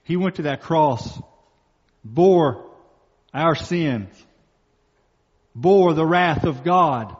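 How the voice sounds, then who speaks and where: This pastor preaches with a slightly high voice that has lively intonation and a breathy edge. He is emphatic, lingering on important phrases and repeating them for weight. The setting sounds like a church hall, with slightly muffled audio and a long reverb behind each phrase.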